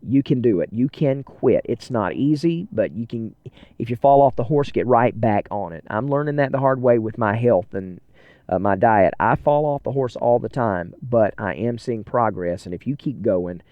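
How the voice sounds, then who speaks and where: Driving along, a podcast host chats solo to listeners, earnest and wandering and quick to put himself down. His mid-range voice has lively intonation and a moderate pace, recorded without echo but muffled.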